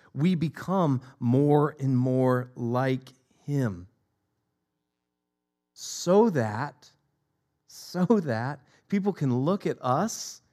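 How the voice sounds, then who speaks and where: A man in his forties preaching a sermon, telling stories with lively repeated phrases. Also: fairly high pitch.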